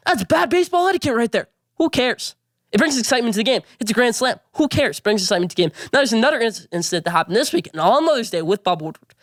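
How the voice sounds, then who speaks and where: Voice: medium pitch, dry recording, clean studio sound. A sports vlogger giving opinionated commentary, rambling and repeating points as he goes.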